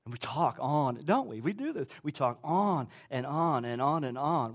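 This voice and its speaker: A man's voice: medium pitch, lively intonation, normal speed, hardly any pauses. A man preaching a sermon as pastor, emphatic and repetitive, asking the congregation for responses.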